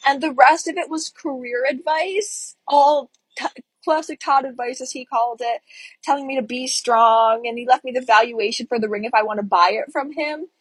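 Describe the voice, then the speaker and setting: A young woman with a high, husky voice tells of her broken engagement straight to her phone camera. Her telling is tearful and breathless, and the sound is close and dry with no room to it. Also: no room sound, low-quality recording. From Florida. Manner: tearful, breathless retelling of a breakup. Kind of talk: emotional storytelling to camera.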